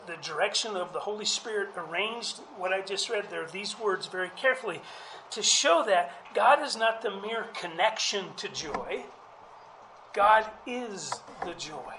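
A man's voice: sits high, pushed and bright, reverberant, slight background noise, poor audio. A man preaching a sermon as pastor, earnest and prone to repeating words, with chuckles between points.

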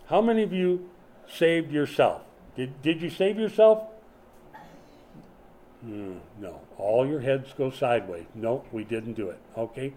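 A man's voice: medium pitch, darkish tone. A man in his sixties preaching a sermon in a conversational way, putting questions to his congregation. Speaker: pastor. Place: small church during a power outage.

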